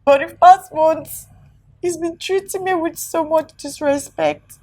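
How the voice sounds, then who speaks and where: An actress with a Nigerian accent playing a frightened young wife who is crying and talks brokenly. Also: female voice, very high-pitched, steady tone, a little slow, darkish tone. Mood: distraught.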